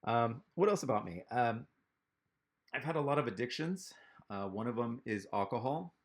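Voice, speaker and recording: A man doing a stand-up comedy set over a video call, rambling and halting, with lots of fillers. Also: mid-range voice, lively intonation.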